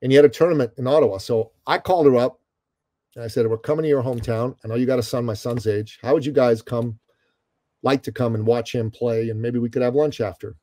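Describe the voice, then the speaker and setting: A middle-aged man from Iran, a guest telling a story in an interview, animated and calling the host brother. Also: mid-range voice, fast, no echo.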